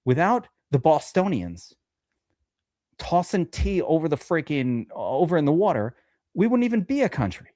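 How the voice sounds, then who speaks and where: A man talking fantasy sports on a casual podcast, animated and joking, swearing freely. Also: fairly high pitch, moderate pace, no room sound, clean studio sound.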